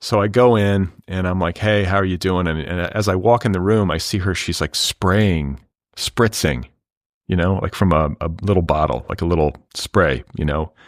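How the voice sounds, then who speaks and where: A man's voice: low-pitched, moderate pace, no room sound, studio quality. A middle-aged man hosting a podcast, talking in a rambling, wry monologue with profane asides. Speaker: podcast host. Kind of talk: casual monologue.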